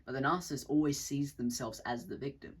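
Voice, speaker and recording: A man in mid-pitch with a husky, slightly rough voice, working through a loose spoken monologue. He rambles and restarts his sentences, swears casually, and briefly mimics the people he is describing. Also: a little fast, poor audio. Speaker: channel host.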